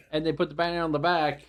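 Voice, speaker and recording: Laid back dude on a podcast, takes his time finding words. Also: on the high side. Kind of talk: casual chat.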